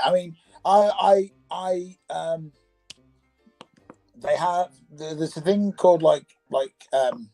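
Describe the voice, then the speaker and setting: A man casually telling a personal ghost story, animated and acting out the voices in it, with faint music behind. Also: mid-range voice, creaky, poor audio.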